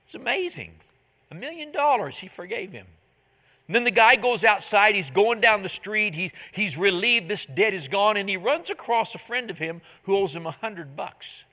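Pastor guy preaching, high bright voice, acts out the story bits, big echoey church. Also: expressive, moderate pace. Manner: retells a parable, acting out its characters' voices. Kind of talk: sermon. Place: church sanctuary.

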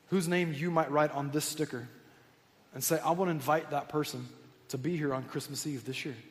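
A man preaching a sermon to his church congregation, telling stories in an earnest, conversational way. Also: medium pitch. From United States. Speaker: pastor. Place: church sanctuary. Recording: long hall reverb.

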